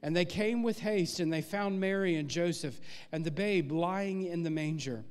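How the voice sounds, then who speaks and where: A man preaching a sermon as pastor of a church, animated and rising in force on key points. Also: high-pitched, normal speed, clear, resonant tone, big-room sound. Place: church sanctuary.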